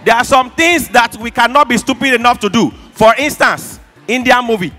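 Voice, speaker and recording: Nigerian stand-up comic, high bright voice, animated shouting delivery, faint music behind. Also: male voice, normal speed, a faint crowd. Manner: animated, shouting punchlines, mimicking squealing fans. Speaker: stand-up comedian. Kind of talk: stand-up comedy. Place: awards show stage.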